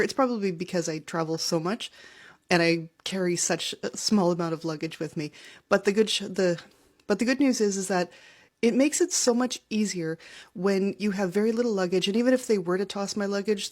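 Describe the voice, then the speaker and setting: A Canadian woman talks straight to camera, telling a casual storytime. Her voice sits a little low for a woman. She is chatty and wry and pokes fun at herself. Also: darkish tone. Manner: chatty, wry, self-deprecating. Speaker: travel vlogger. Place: home, early morning.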